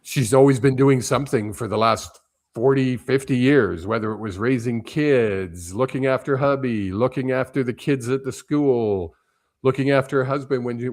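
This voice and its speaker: A man working as a medium, giving a reassuring spiritual reading on a live stream in a loose, casual way with plenty of ums. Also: medium pitch.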